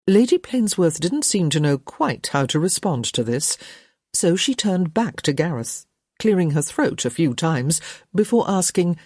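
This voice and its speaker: A woman reading a romance audiobook in an expressive storytelling manner. Her voice is low and breathy with a lively pitch, recorded very dry and close. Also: moderate pace, dry recording. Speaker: audiobook narrator. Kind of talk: scripted narration.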